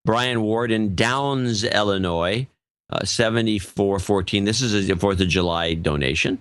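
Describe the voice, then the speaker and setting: Brief: very low male podcast co-host, offhand name-reading, dry close sound. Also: a little slow, fairly bright tone, clean tone, no echo. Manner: offhand, stumbles over names. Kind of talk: casual chat, reading donor names.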